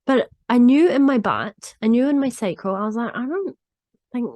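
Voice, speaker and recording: A woman's voice: on the high side, expressive, brisk, warm tone, dry recording. A woman hosting a solo podcast, talking candidly in a chatty way, often laughing and acting out what people said. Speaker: podcast host.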